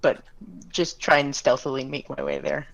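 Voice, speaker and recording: A woman playing a tabletop game, thinking out loud as she plans her move. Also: a bass voice, very animated, normal speed, vocal fry, muffled recording. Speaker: player.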